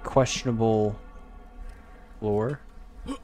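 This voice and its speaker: A man casually commenting while he plays a game on a close desk mic, jumping to high yelps when startled. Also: slow, darkish tone. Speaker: gaming streamer. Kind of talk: casual let's-play commentary. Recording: game music underneath.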